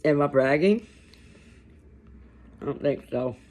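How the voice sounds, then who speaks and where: Slow, pausing man chatting over lunch. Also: fairly high pitch, animated, a little mellow. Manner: slow, reflective, halting, with long pauses. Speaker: vlogger. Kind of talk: casual talk to camera while eating lunch.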